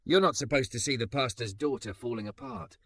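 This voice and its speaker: A man voicing a shy, anxious young woman, a deacon's daughter, who speaks softly and hesitantly. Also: mid-range voice, big pitch swings, brisk, creaky, dry recording, pitched above the performer's own voice, exaggerated voice. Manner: soft, shaky, hesitant.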